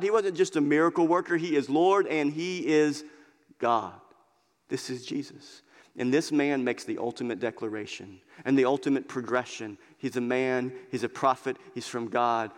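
A man preaching with a slightly higher-pitched voice, emphatic and repetitive as he presses each point, sinking at times into hushed intensity. His words ring out with a long reverb, as if in a big hall. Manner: repeats words as he builds. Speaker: pastor. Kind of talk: sermon.

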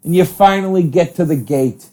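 A man from South Jersey hosting a podcast, ranting profanely in a casual comedic monologue, swinging from loud outbursts to low muttering. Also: moderate pace. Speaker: podcast host.

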